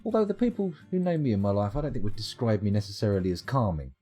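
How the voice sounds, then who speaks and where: A man streams a game live, joking and rambling while reading out chat. His low, mellow voice swings up and down a lot, with a husky edge. Soft music plays faintly behind him. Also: sing-song, fast. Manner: jokey, rambling, reads chat aloud. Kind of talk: casual live-stream commentary.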